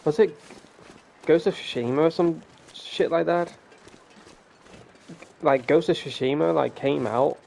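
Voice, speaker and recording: A man's voice: a little high, unhurried, vocal fry, pauses often, darkish tone, a little hiss or hum. A man hosting casual gameplay commentary, rambling and ranting and swearing freely. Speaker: gaming channel host.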